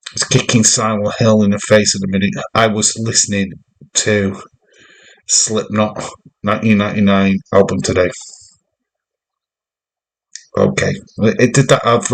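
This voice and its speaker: A man's voice: fairly low pitch, rough recording. A man giving rambling, jokey running commentary while hosting a live wrestling watch-along stream.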